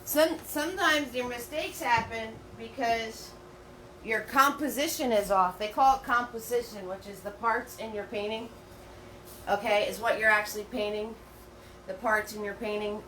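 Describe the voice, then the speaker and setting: A middle-aged woman leads a live painting class, chatty and rambling, full of fillers and restarts. Her fairly high voice is pushed and bright at normal speed, picked up by a distant mic in a roomy space with a faint hum.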